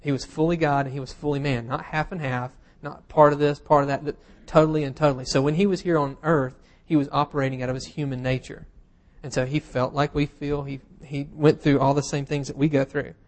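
A man preaching a sermon in a relaxed, conversational way, with wry humorous asides and plenty of fillers. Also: on the high side, brisk, few pauses. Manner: casual and self-deprecating, with humorous asides and frequent fillers.

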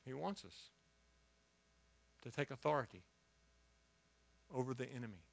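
Animated storytelling preacher, man. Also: mid-range voice, measured pace, gravelly. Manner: animated storyteller, restarts words, swings from quiet asides to loud exclaims. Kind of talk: storytelling sermon.

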